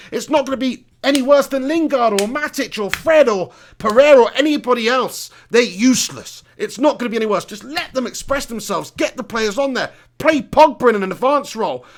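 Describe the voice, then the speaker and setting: A young man rants through a live football reaction stream. His voice sits high and has a gravelly edge. He swears freely and piles up rhetorical questions. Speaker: football fan channel host. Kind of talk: live match reaction rant.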